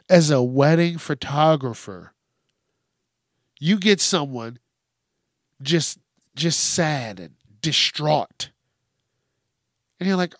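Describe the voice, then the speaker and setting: A man's voice: a little high, no echo, studio quality. A man hosting a casual solo news podcast, swearing freely and laughing as he rants about odd stories. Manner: profane, animated and laughing often. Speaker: podcast host.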